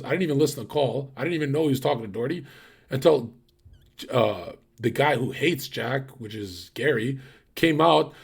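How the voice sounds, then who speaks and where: A man's voice: medium pitch, vocal fry, husky. A man streaming live, ranting casually to his chat, blunt and profane, with lots of fillers and restarts.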